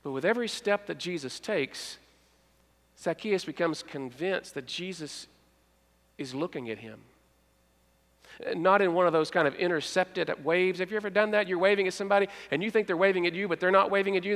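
High-voiced man preaching in a reverberant church. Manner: storytelling, acts out voices, dramatic pauses and hushed moments. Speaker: pastor. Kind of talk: sermon. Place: church sanctuary.

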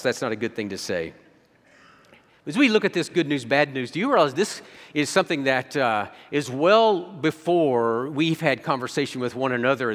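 A man's voice: on the high side, fairly bright tone. A man preaching a sermon as pastor, talking conversationally and often repeating words as he thinks. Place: church sanctuary. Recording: long hall reverb.

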